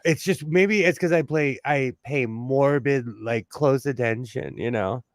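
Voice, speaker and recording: A man with a Southern California accent hosting a casual sewing livestream, talking in a chatty, animated way. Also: medium pitch, a little slow, dry recording, studio quality. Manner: chatty, animated storytelling with laughs.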